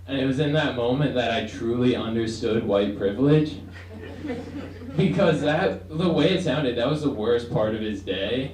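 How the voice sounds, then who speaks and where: A man's voice: medium pitch, normal speed, darkish tone. Young man, stand-up comedian, hesitant rambling delivery, roomy echo, faint hiss. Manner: rambling, hesitant, acts out voices. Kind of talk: stand-up set. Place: student comedy room with audience. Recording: echoey room, far from mic, faint noise.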